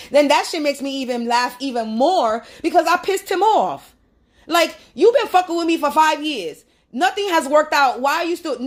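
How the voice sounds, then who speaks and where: A woman ranting bluntly and mockingly on a casual livestream from her apartment, talking into a phone. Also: high-pitched. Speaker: livestream host.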